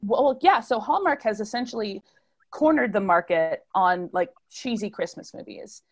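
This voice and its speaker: A woman hosting a podcast in casual chat, giggly and eager, explaining things quickly. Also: medium pitch, animated. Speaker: podcast host.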